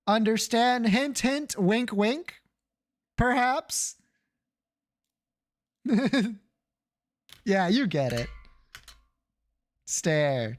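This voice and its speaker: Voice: medium pitch, expressive, extremely slow, long pauses. A streamer chatting casually to viewers while gaming, joking around and swearing freely. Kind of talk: casual game stream chat.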